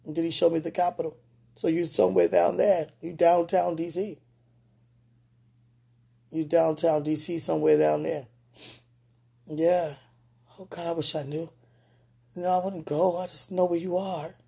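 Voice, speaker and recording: A woman on a livestream, speaking aloud to God and a loved one in an emotional, prayerful monologue that swings between tearful and soft. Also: fairly low pitch, flat delivery, measured pace, creaky, pauses often, breathy edge.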